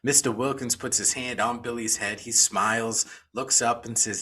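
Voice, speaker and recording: A man's voice: mid-range voice, fairly even intonation, normal speed, pushed and bright, slightly rough. A man co-hosting a podcast, recapping a film in a casual, profane storytelling way. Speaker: podcast co-host.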